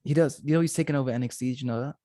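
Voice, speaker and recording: Young man, podcast co-host, joking banter, mid-pitched voice, dry close recording. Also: racing, dark tone, dry recording. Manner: joking, playful, chatty. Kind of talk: casual chat.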